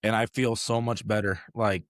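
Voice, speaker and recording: A man's voice: fairly low pitch, normal speed, no room sound, studio quality. A man chatting casually on a podcast, rambling with lots of fillers. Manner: relaxed, rambling with frequent fillers. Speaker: podcast host. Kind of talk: casual chat. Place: home podcast setup.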